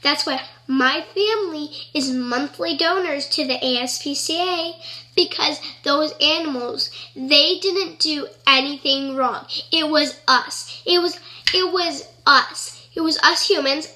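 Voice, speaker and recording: High bright-voiced young woman vlogger. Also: measured pace. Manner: rambling, earnest, fillers of "like". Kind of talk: casual chat to camera.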